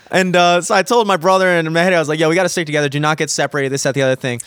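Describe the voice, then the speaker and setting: A young man in casual chat, telling a profane, animated story and mimicking the people in it. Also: on the high side, no echo, clean studio sound.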